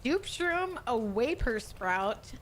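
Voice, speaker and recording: A woman's voice: fairly high pitch, sing-song, takes it slowly, a bit bright, slight background noise, exaggerated voice. A woman doing an earnest formal shopkeeper man.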